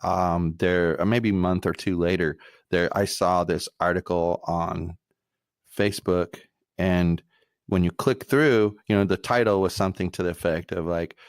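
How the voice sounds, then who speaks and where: A man hosting a podcast, explaining his point in a relaxed, measured way. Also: sits low, smooth, dry recording, clean studio sound. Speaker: podcast host. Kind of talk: conversational interview talk.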